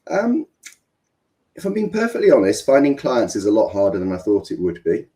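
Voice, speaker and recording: Male, middle-aged, Mancunian, deep voice, warm tone, hesitant interview guest. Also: expressive, a little fast. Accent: Mancunian English. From England. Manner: rambling, hesitant, many ums and restarts. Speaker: business coach, guest. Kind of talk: interview conversation.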